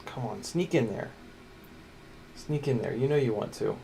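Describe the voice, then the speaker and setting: A man's voice: medium pitch, moderate pace, vocal fry, warm tone, slight background noise. A man streaming a drone build from a workbench, chatting casually and muttering to parts as he works. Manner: mutters and coaxes parts while working, loose and joking. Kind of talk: casual livestream chat while building.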